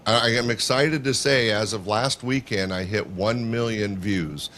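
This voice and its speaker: A man's voice: on the low side, measured pace, noisy background. An older man, a show producer and podcast guest, telling a story in a chatty, rambling way. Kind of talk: casual storytelling in a podcast interview.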